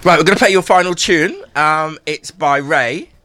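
A man's voice: a little high, moderate pace, bright, forceful tone. A man hosting a radio show, chatting with a guest in a teasing, effusive way. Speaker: radio host. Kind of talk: casual chat on air.

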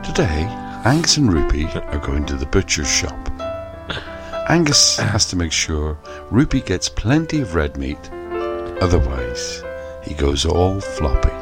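A man's voice: extremely low pitch, big pitch swings, measured pace. A male radio host narrating a parody children's story in a sing-song, innuendo-laden reading. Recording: music bed under the voice.

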